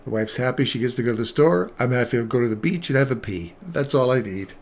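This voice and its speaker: A man's voice: mid-range voice, lively intonation, fast, darkish tone. A man hosting a live trading stream, chatting casually and joking with viewers by name.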